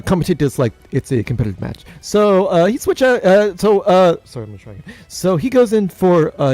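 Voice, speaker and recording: This young man, a gaming YouTuber, makes jokey commentary over his playthrough and talks to the characters with big pitch swings. His voice is a little mellow, with no room sound.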